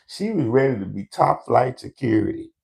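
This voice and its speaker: A man's voice: mid-range voice, sing-song, moderate pace, vocal fry, a little mellow. A man hosting a live comedy show, ranting in a brash, profane storytelling way to online viewers.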